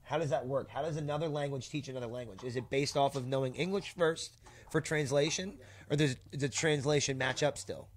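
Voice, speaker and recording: A man's voice: medium pitch, brisk. A young man hosting a podcast in casual chat, rambling and cursing, his sentences full of fillers and restarts. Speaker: podcast host.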